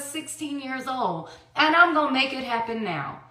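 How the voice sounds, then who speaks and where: A woman's voice: high-pitched, big pitch swings, normal speed, few pauses, sharp tone. A woman giving a heated personal account in an interview, blunt and profane, who hammers her points with repeated rhetorical questions. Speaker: interview guest. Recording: echoey room.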